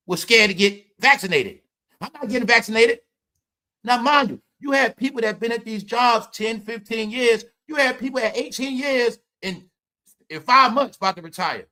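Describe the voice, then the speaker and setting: A man's voice: high voice, bright, forceful tone. A man hosting a podcast livestream, ranting in casual commentary, profane and mocking, laughing often. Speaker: podcast host.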